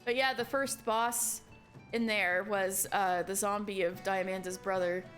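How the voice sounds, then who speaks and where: A woman's voice: medium pitch, steady tone, unhurried, fairly bright tone, soft background music. A woman streamer chatting casually while playing, musing aloud as she works things out. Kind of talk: casual game-stream chat.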